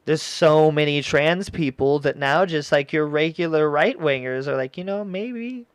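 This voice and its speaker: Man, podcast host, rambling casual chat, somewhat high voice, dry close sound. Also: fairly even intonation, normal speed, clean tone, no echo. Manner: rambling, laughs often, acts out quoted voices.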